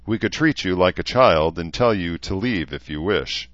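Dry-humored fatherly camp leader, read by a deep-voiced man. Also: animated, moderate pace, a bit bright, dry recording. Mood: stern. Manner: dry, joking. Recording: dry, slightly dull recording.

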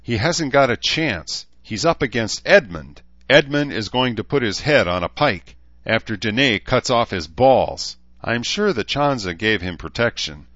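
A man voicing a fierce, urgent young sorceress who talks forcefully. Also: mid-range voice, lively intonation, a little slow, no room sound, dull audio, pitched above the performer's own voice.

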